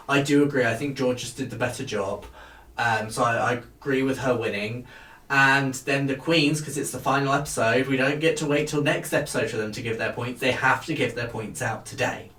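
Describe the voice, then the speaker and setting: A man hosting a casual chat show, talking with hesitant pauses and fillers. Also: mid-range voice, fairly bright tone. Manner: chatty, hesitant, lots of fillers. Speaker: podcast host reviewing a TV show. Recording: echoey room.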